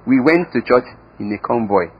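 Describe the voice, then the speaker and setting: A man preaching a sermon as pastor, emphatic, with sudden swings in loudness and pitch and repeated words. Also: expressive, moderate pace, slightly rough, dull audio.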